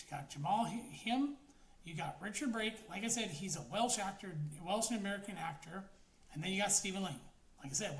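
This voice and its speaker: A woman talks through a film review in loose, excitable bursts, swearing freely and trailing off mid-thought. Her voice bounces around a roomy space with a faint hiss of background noise underneath. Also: medium pitch. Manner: profane, rambling, excitable. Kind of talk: casual spoken movie review.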